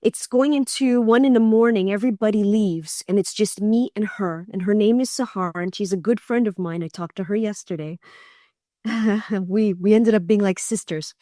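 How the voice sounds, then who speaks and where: A middle-aged woman, a guest on an interview show, telling her story in an earnest, animated way and acting out other people's voices. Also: medium pitch, normal speed, no room sound, studio quality. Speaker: guest, cancer survivor.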